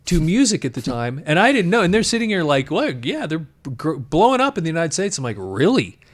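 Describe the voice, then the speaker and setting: A man co-hosting a podcast in casual chat, reading an old article aloud and stopping to comment in animated asides. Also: on the high side, a little fast. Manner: reads quotes then breaks off to comment, animated asides. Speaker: podcast co-host.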